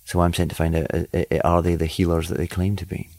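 A man's voice: deep voice, monotone, fast, darkish tone, no room sound. A Scottish actor talking about his role in an interview soundbite, hesitant with many fillers.

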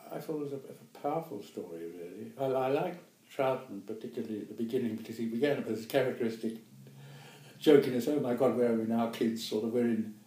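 A man's voice: mid-range voice, fast, warm tone, echoey room, poor audio. An actor in his eighties with a New Zealand accent, reminiscing in an interview with chuckles and rambling self-corrections. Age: 80s. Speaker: guest actor.

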